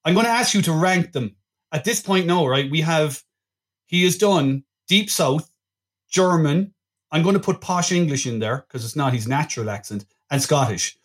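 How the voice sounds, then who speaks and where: A man's voice: fairly high pitch, normal speed. A man hosting a casual film-review podcast. He talks in a wry, chatty way and often restarts his sentences. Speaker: podcast host.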